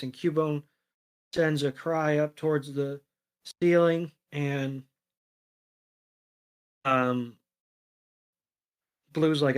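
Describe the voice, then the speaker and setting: A man's voice: on the high side, fairly even intonation, slow, pauses often, smooth. A man co-hosting a podcast, loosely retelling an episode with fillers and casual swearing. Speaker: podcast co-host.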